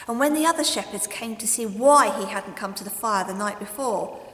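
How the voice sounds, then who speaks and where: A woman leading a school assembly and reading a story aloud to young children in an expressive, animated way. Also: mid-range voice, brisk. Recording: echoey hall with long reverb.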